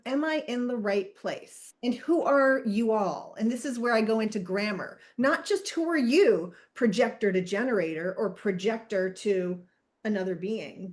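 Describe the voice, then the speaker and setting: Woman podcast host, fairly high voice, casual chat, animated, jokey. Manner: animated, jokey, thinks aloud. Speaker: podcast host and Human Design reader.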